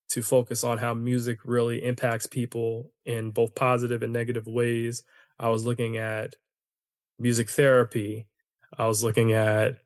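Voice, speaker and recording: A man hosting a solo podcast, ranting in an animated, opinionated way and talking to his listeners as "y'all". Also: mid-range voice, no room sound, clean studio sound. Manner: conversational, addresses listeners as y'all. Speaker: podcast host.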